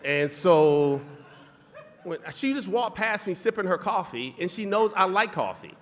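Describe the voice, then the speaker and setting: A man co-hosting a live podcast show, spinning a playful story with self-mocking asides. His voice is a touch high and swings widely in pitch. The sound carries the long reverb of a large hall. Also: animated, a little slow, a little hiss or hum. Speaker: podcast co-host.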